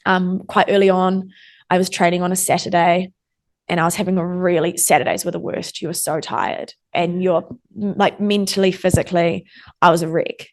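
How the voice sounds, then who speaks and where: A woman's voice: fairly low pitch, flat delivery, moderate pace. Chatty New woman telling stories. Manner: chatty storyteller, lots of "like", acts out quoted exchanges. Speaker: interview guest. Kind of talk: casual interview conversation.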